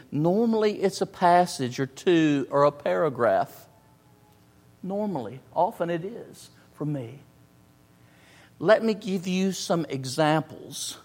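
A man's voice: fairly high pitch, animated, slow pace, darkish tone. A man preaching a sermon, emphatic, repeating phrases and stressing words in turn. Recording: long hall reverb.

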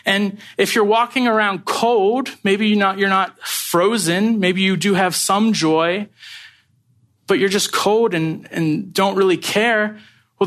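A man's voice: fairly high pitch, fairly bright tone. A young adult man preaching a sermon as pastor, addressing listeners directly and earnestly with rising emphasis.

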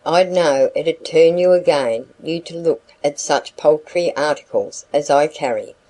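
A woman's voice: deep voice, measured pace, warm tone, poor audio. A woman voicing a talkative rural male packman who coaxes a customer in a broad country dialect. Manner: coaxing sales patter.

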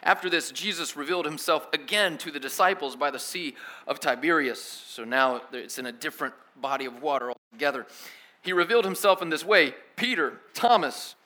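A man preaching a sermon as a pastor, telling the story in a lively, casual way with slang. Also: a little high, fairly quick.

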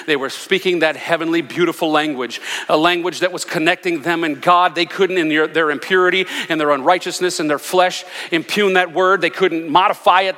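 A male senior pastor preaching a sermon with passion, swinging between loud, fervent declarations and hushed asides. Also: on the high side, big-room sound. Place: church sanctuary.

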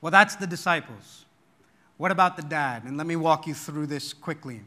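Bright-voiced male pastor preaching with emphasis. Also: high-pitched. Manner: emphatic, rises and drops in volume to stress points. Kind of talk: sermon.

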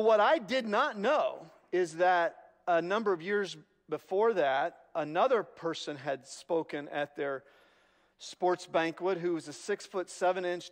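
A man preaching a sermon, telling stories with animated, wry humor. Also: sits high, in a large hall. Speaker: pastor.

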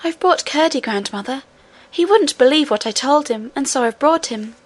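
A woman doing a high eager little princess. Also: moderate pace. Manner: high, excited and pleading.

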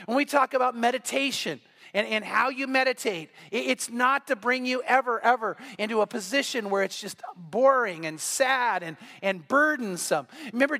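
A man preaching a Sunday sermon, telling a story and acting out the dialogue with earnest, animated delivery. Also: extremely high pitch. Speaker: pastor. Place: church.

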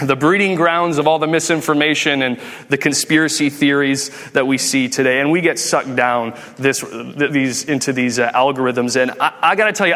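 A man in his thirties preaching a humorous sermon, telling jokey stories and acting out quotes. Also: on the high side. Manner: animated, jokey, acts out quotes. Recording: long hall reverb.

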